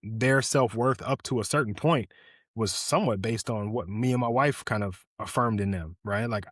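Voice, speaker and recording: A man's voice: lowish voice, moderate pace, a bit bright, breathy edge, dry recording. A man talking casually and reflectively, often repeating words and checking in with "right?". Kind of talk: casual conversation.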